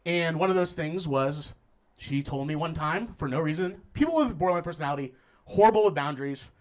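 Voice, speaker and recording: Performing stand-up for a live audience at a comedy club, a young man speaks a little fast in an animated, slightly high voice. He laughs through his lines and acts out different voices.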